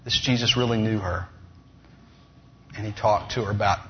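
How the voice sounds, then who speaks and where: A man preaching a sermon, telling stories with lively energy and humorous asides. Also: fairly low pitch, normal speed. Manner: animated storytelling with humorous asides. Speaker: pastor. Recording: dull lo-fi sound with faint noise.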